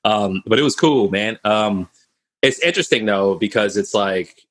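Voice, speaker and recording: A man's voice: on the low side, moderate pace. A young man from Minnesota telling stories on a video call, laughing and acting out the voices of the people in them. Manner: animated, laughing, acts out voices in his stories. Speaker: podcast guest. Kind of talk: casual storytelling on a video call.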